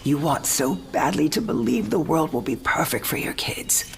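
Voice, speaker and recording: An actress playing an elderly mother on her last night alive, wry, teasing and frank, often speaking softly in a game cinematic. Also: deep voice, big pitch swings, moderate pace, creaky, noisy background, exaggerated voice. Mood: reflective. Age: older. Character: dying elderly mother, warm, sharp-witted, frank. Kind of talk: video game cinematic drama.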